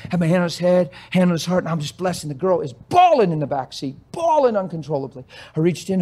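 A man preaching a sermon, telling a story and acting out its conversations, his passion swelling into emphatic shouts. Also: high-pitched, expressive, fast, hardly any pauses.

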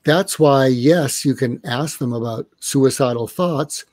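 A man's voice: medium pitch, slow, darkish tone, no echo. An older man, a psychiatrist guest on a live online interview, explaining ideas and acting out example dialogues. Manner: role-plays inner dialogue to illustrate. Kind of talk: conversational interview. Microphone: online live stream.

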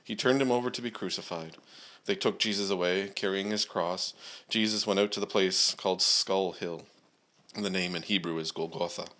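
A man preaching at a church service, praying and then reading scripture aloud in a measured way, with frequent "uh" and "um" fillers. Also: deep voice, bright, forceful tone.

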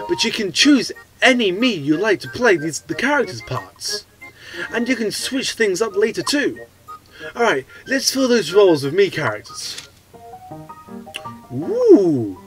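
Excitable goofy man playing a game. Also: high voice, a little slow, soft background music, poor audio. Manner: goofy, excitable, rambling with restarts. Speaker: gaming channel host. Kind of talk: let's play commentary.

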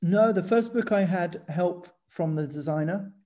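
English man telling chatty, animated stories. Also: high-pitched, a little slow. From England. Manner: chatty, animated storytelling with laughs. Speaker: guest photographer. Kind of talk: casual conversation.

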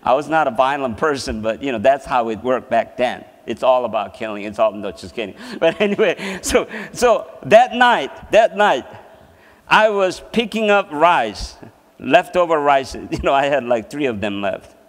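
A man with a medium-pitched voice and lively intonation preaches at a moderate pace as a seminar presenter. His sermon includes a personal story punctuated by frequent laughter, recorded with long reverb in a church hall.

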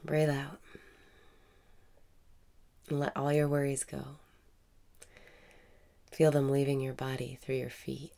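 Leading a guided meditation, this woman speaks calmly and without hurry in a very deep voice thick with vocal fry. Between the prompts, her delivery frequently drops into a breathy half-whisper.

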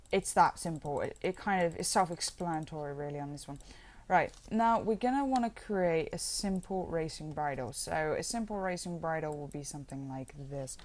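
A woman walking viewers through a software tutorial in a casual, chatty way, rambling now and then with self-deprecating asides. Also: on the low side. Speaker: modding tutorial maker.

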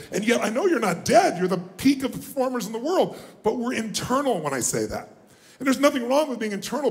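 A man giving a live motivational seminar, booming and exhorting, pushing the audience to shout answers. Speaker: motivational speaker. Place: large conference room with audience. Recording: echoey live room with faint noise.

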